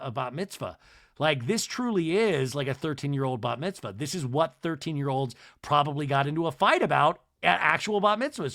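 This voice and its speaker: Young male podcast host, comedic recapper; animated delivery, big pitch swings, slightly high voice, does mocking impressions. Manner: animated, mimics cast members with exaggerated voices and laughs. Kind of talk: comedic TV recap, acting out quotes.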